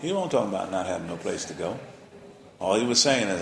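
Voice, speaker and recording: A man's voice: low voice, animated, a little fast, gravelly, a bit bright, slight background noise. A male pastor preaching a sermon in a colloquial, playful way, often checking in with his listeners. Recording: roomy echo.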